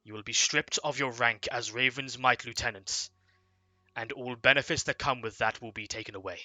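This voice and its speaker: A man's voice: medium pitch, moderate pace, sharp tone, dry recording. A man voicing a stern older male town warden handing down formal judgments in a tabletop game. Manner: formal, solemn pronouncements.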